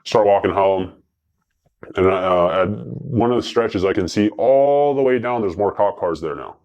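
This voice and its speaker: Brief: deep-ish male guest, loose profane storyteller, slightly dull lo-fi audio. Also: darkish tone. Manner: rambling, profane, fast anecdotes with many fillers. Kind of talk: casual storytelling.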